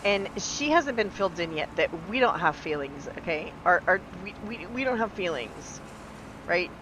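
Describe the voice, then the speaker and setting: A woman's voice: on the low side, expressive, normal speed, background noise. A woman in her forties streaming live, telling stories in casual chat while gaming, laughing often and acting out the people she quotes. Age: 40s.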